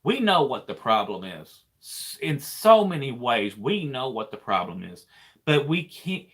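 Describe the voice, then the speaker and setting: A man's voice: medium pitch, sing-song, measured pace, fairly bright tone, breathy edge. A man, a trucker hosting a casual live chat, rambling and repeating himself as he talks. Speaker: trucker and channel host.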